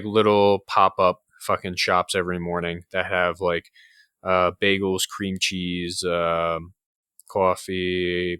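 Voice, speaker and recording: Young upstate new york dude chatting on a podcast, lots of likes and swearing, kinda low voice. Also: male voice, pushed and bright, clean tone, no echo, clean studio sound. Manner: casual, swears a lot, many fillers. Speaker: podcast co-host. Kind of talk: casual chat.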